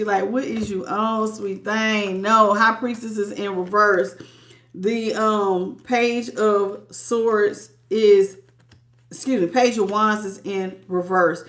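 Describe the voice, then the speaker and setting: A woman's voice: medium pitch, fairly even intonation, measured pace, fairly bright tone, slight background noise. A woman giving a live tarot reading, blunt and sassy, greeting viewers as baby and sweetie. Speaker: tarot reader.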